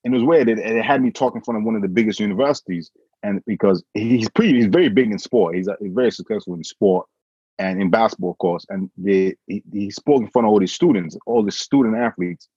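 A man with a slightly low, husky voice tells a story in a relaxed conversation, jumping up in pitch as he acts out what others said. The sound is dull and dry, with no room in it. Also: no room sound. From England. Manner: animated, quotes others with voice changes. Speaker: guest.

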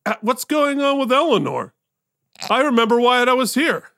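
A man's voice: extremely high pitch, sing-song, normal speed, a bit bright, full character voice. Man playing a pushy worried husband. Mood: puzzled. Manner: pushy, repeats questions. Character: impatient man demanding news at a hospital desk.

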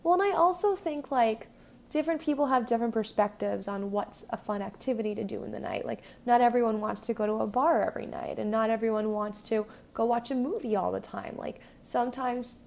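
A woman's voice: on the high side, brisk, vocal fry, darkish tone. A young woman in her twenties co-hosting a podcast, chatting casually and giggling, with lots of "like". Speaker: podcast co-host. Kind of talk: casual recap chat.

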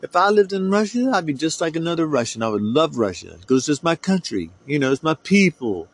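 A man's voice: a little high, very animated, fairly quick. A middle-aged man from the United States, hosting a podcast and ranting in a heated, profane, rambling way. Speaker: podcast host. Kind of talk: solo podcast rant.

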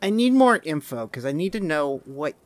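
A podcast host chats casually and reads book passages aloud. The voice sits at a middling pitch. The delivery is rambling and tangential, often trailing off in self-amused asides. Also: sing-song, normal speed, dry recording. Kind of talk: casual chat and reading aloud.

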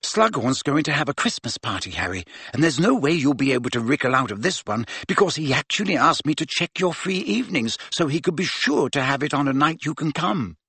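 A man voicing a bossy, clever teenage girl who talks in a brisk, insistent way. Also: on the high side, big pitch swings, sharp tone, slightly rough, no room sound, pitched above the performer's own voice, full character voice.

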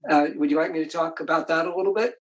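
Very fast and steady in a highish voice, an older author tells reflective stories about his marriage while being interviewed, restarting his anecdotes again and again in conversation. The recording is rough.

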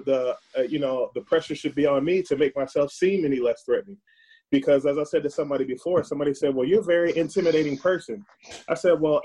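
Man, dark warm tone, slightly raspy, earnest emphatic talk, casual discussion. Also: medium pitch, poor audio. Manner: earnest, emphatic, repeats words. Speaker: guest.

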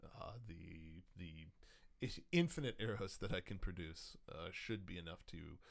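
A man's voice: low voice, unhurried, gravelly. A man voicing a worried male companion archer in a tabletop game, earnest and hesitant.

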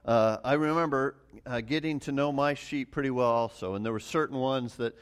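A middle-aged pastor gives a relaxed, casual sermon, weaving farm stories in with scripture and poking fun at himself. His mid-range voice is brisk and clean, and he talks conversationally, with plenty of restarts and fillers, often chuckling at his own expense.

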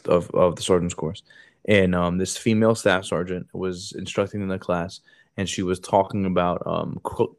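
A man's voice: low-pitched, no room sound, studio quality. A young man hosting a podcast, telling a crude story casually, swearing and acting out the people he quotes. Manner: animated, swearing, acts out quotes in raised voices. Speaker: podcast host.

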